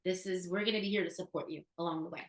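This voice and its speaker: A woman's voice: lowish voice, fairly even intonation, racing, reverberant, rough recording. A woman giving a motivational business presentation, emphatic and casual, firing off rhetorical questions and laughing now and then. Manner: casual, slangy, laughs often.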